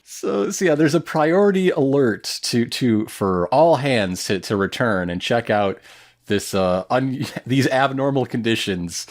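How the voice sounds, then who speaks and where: A man's voice: mid-range voice, lively intonation, measured pace. A man co-hosting a podcast, recapping episodes in a rambling, joking casual chat. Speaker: podcast co-host.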